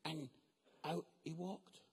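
A man preaching in a comic storytelling style, animated and acting out other people's voices, swinging between loud exclamations and hushed asides. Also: fairly high pitch, slow pace, slightly rough. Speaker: preacher and comedian.

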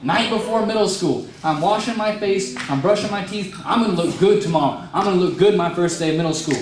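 A young man with a high-pitched voice speaks a little fast as a motivational youth speaker, rambling and poking fun at himself before a youth group in a large room, then fielding audience questions. The room echoes, the mic sits at a distance, and crowd noise comes through.

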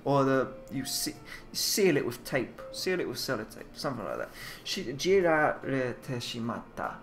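A let's player comments in English as he plays, working through the game's Japanese text line by line and often trailing off to second-guess himself. His medium-pitched voice swings widely in pitch, sounds fairly bright and moves at a moderate pace over soft background music.

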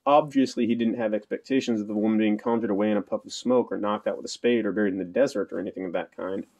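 A man's voice: lowish voice, fairly even intonation, quick pace, a little mellow. A man narrating an audiobook in a dry, understated storytelling manner. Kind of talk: scripted narration.

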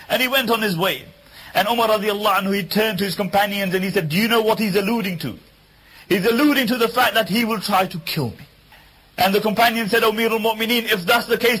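A man's voice: high voice, fairly even intonation, quick pace, fairly bright tone, breathy edge, poor audio. A man giving an Islamic lecture, telling a story in an earnest, emphatic way and repeating key lines for weight. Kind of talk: storytelling sermon.

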